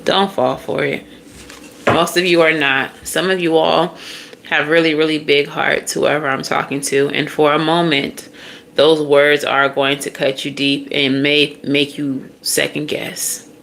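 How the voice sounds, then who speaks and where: Blunt, gravelly tarot reader. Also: medium pitch, flat delivery, measured pace, a bit bright, a little hiss or hum. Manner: blunt, profane, emphatic. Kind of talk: casual tarot reading.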